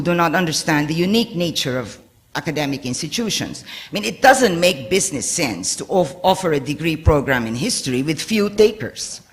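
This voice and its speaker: Man, formal university lecture, animated pitch, slightly high voice, emphatic, phrases falling at the ends. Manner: emphatic, stresses key words and drops at phrase ends. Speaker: university speaker giving a lecture. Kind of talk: formal academic lecture, partly read aloud. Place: lecture hall.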